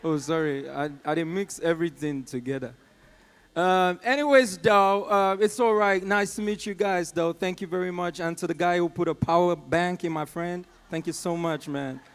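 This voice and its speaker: A man from Nigeria with a Nigerian English accent doing live stand-up, chatting and teasing the audience, swinging from loud calls to low asides. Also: normal speed, smooth. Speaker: stand-up comedian. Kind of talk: live stand-up with crowd work. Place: comedy club stage.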